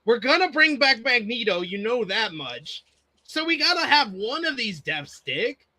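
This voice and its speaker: A man's voice: extremely high pitch, very animated, unhurried, pushed and bright. A man hosting a show review, joking and steering the talk between recaps. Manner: joking, leads discussion and recaps. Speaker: podcast host. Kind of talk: casual review chat.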